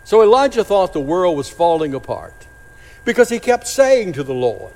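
A man preaching a sermon, dramatic, slowing and dropping to a hush on key phrases. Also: sits high, big pitch swings. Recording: long hall reverb.

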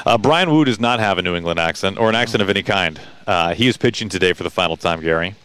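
A man's voice: sits low, quick pace, fairly bright tone. A man hosting a pregame radio show, chatty and playful and full of stats. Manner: chatty, stat-heavy, playful. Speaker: radio sports host. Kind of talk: pregame sports talk.

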